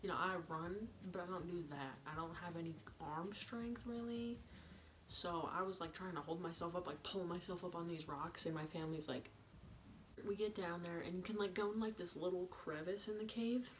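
A young woman vlogger telling a camping story in a chatty, animated way, full of "like" and quoted voices. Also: on the low side, moderate pace, slight background noise. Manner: chatty, animated, heavy use of "like". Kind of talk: story time vlog.

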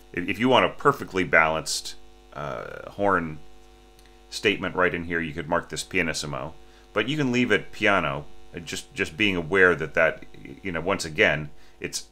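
A man teaching orchestration, talking through a student's score in a halting, restarting way, often checking in with "right?" and sometimes singing or breathing out the phrasing. He says he is a little sleepy. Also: sits low, sharp tone. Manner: sings and breathes examples of phrasing. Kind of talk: spoken score critique.

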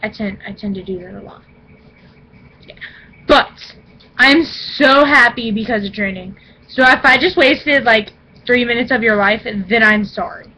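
A young woman vlogging at home in an excited, playfully dramatic way, often squealing. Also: fairly high pitch, unhurried, slight background noise, low-quality recording. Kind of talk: excited casual vlog. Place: indoors at home.

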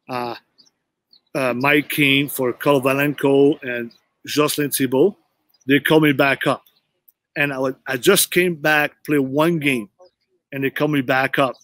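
A man's voice: mid-range voice, steady tone, unhurried, fairly bright tone. A middle-aged man, a former pro hockey player, telling his career story in an interview with earnest, emphatic phrasing. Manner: earnest, repeats "you know what" for emphasis.

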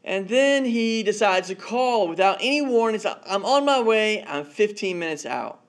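High-voiced man preaching a relaxed sermon. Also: normal speed. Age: adult, married father. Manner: storytelling, repeats words as he goes. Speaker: pastor. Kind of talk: conversational sermon.

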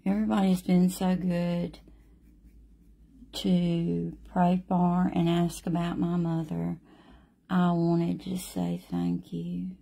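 A middle-aged woman with a drawl talks viewers through a watercolor painting at an unhurried pace. Her voice is low, gravelly and mellow, and she is chatty and friendly with her audience. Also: little pitch movement. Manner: slow, chatty, speaks to viewers by name.

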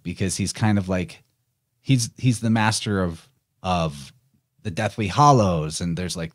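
A man's voice: fairly low pitch, dry recording, clean studio sound. A man talking as a podcast guest, chatty and musing, laughing easily. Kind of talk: casual conversation.

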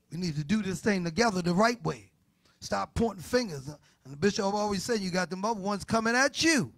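A male church elder delivers a sermon in a notably high voice. His passionate preaching drops to near-whispers and climbs to loud peaks as he plays out the listeners' objections in rhetorical asides. The sound is close and dry, with no room echo. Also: animated, normal speed. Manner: impassioned preaching with swings between hushed and loud.

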